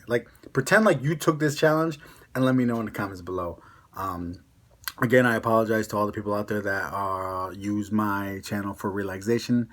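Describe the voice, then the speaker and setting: A young man with a Connecticut accent chatting casually to camera as a vlogger, rambling with lots of fillers. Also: on the low side. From Connecticut, USA.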